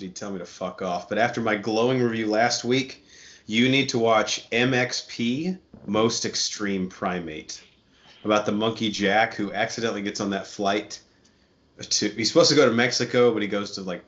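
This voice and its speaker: A man's voice: fairly low pitch, normal speed, a bit bright. Wry, bossy man on a muffled podcast. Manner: wry, bossy, sarcastic recommendations. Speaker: podcast co-host. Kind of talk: casual chat.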